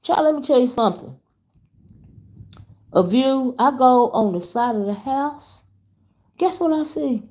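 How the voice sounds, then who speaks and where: This woman's voice is high-pitched, and her delivery is measured with frequent pauses. She's a YouTube commentary host telling a story on her vlog, chatting animatedly and addressing her audience as "y'all" and "child."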